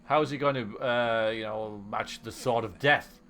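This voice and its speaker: With a mid-range, steady voice at normal speed and a fairly bright tone, a man gives casual live-stream commentary on a video game. He chats and jokes with viewers, laughing frequently, over faint game music.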